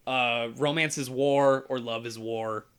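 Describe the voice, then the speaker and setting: Young male podcast host, bright-toned, casual animated storyteller who swears freely. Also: mid-range voice, a little slow, clean tone. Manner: animated, acts out characters while retelling a story.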